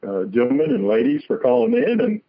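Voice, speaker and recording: A man with a Southern US accent calling in to a radio show, courteous and playful in a slow drawl. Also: a little high, huge pitch swings, vocal fry, no echo, phone-quality sound. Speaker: caller, the host's husband. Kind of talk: casual phone call into a radio show.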